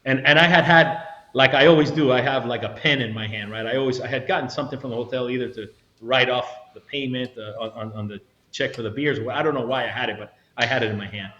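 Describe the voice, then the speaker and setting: A man's voice: mid-range voice, fast. A middle-aged man, a retired federal agent, tells a story as an interview guest, acting out quotes and often restarting his sentences. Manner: animated storyteller, acts out quotes, frequent restarts. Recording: roomy, slightly dull sound.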